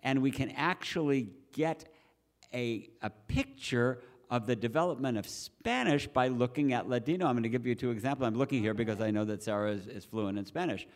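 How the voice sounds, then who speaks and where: A man who is a Reform Jew explaining his tradition to a church group in a measured, teacherly way, with pauses and restarts. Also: medium pitch. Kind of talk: explanatory talk with questions. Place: church hall.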